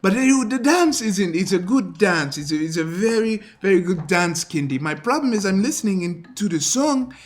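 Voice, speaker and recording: A man's voice: high-pitched, animated, normal speed, few pauses. A man voicing T'Challa as a stressed king, scolding his agents and repeating himself when exasperated.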